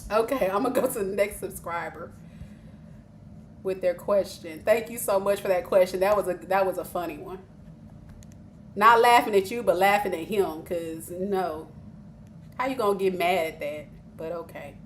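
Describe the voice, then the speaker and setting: A woman's voice: mid-range voice, normal speed, slight background noise. A woman giving live tarot readings to viewers, chatty and teasing, breaking into laughter often and speaking straight to her audience. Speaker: tarot reader.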